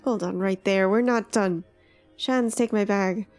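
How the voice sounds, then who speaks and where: A woman streamer talking casually and musingly while playing a story game, trailing off softly. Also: medium pitch, a little slow, faint music behind.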